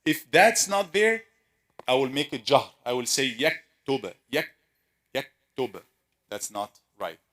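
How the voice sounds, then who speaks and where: A man teaching a classroom lesson, asking students questions and slowly repeating sounds to demonstrate pronunciation. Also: medium pitch, very animated, fairly bright tone. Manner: conversational, asks the class questions. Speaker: Quran recitation teacher.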